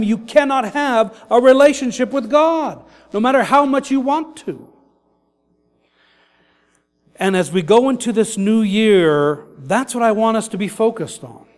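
A man's voice: high voice, in a large hall. A man preaching a sermon as pastor, earnest and repetitive, building his points in lists.

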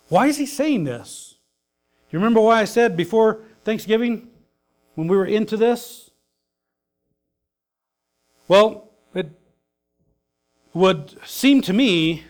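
A male pastor preaching a sermon, swinging between emphatic loud lines and hushed soft ones. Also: high voice, a little slow, pauses often.

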